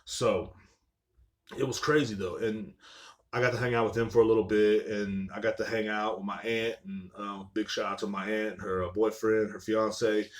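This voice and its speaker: Young male podcast host, slightly low voice; loose, profane, rambling solo storytelling. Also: fairly even intonation, moderate pace. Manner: rambling, profane, filler-heavy with "like" and "you know what I'm saying".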